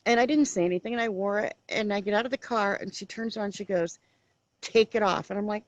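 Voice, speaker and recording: A woman's voice: medium pitch, moderate pace, a little hiss or hum, low-quality recording. A middle-aged woman hosting a talk show, chatting and animatedly acting out family stories. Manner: animated storyteller, acts out her daughter's lines. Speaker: show host. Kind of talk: casual chat.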